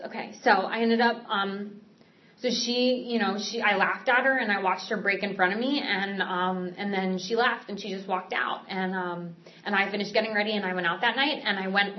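A woman tells her own recovery story in an earnest, candid way, stumbling through restarts and fillers as she goes. Her pitch sits in an ordinary middle range. The recording sounds slightly dull and muffled. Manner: halting, frequent fillers and restarts. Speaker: speaker sharing a recovery story. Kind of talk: personal recovery testimony.

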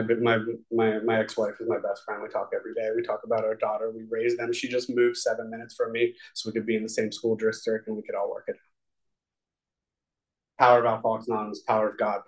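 Speaking with a fairly low pitch, a man gives his personal testimony at a recovery meeting, and the recording is rough. His talk wanders and is packed with fillers, but it comes across as earnest and confessional.

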